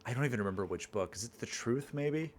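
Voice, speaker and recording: Streamer: a playful man reading his game's narration, very animated pitch. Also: fast. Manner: playful, rambling with restarts. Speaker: streamer and game author. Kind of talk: reading game narration and casual chat.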